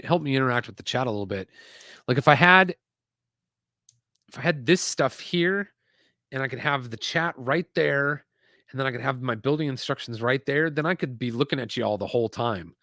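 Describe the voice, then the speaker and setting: A man's voice: mid-range voice, a bit bright, dry recording, studio quality. A man hosting a casual live stream while building a toy set, chatting loosely and reading out viewer comments. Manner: chatty, rambling, reads chat aloud. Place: home desk setup with screens.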